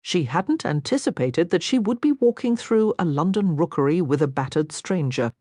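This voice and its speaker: A woman narrating a romance audiobook with expressive reading, recorded dry and close. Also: lowish voice, moderate pace, no room sound. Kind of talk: scripted narration.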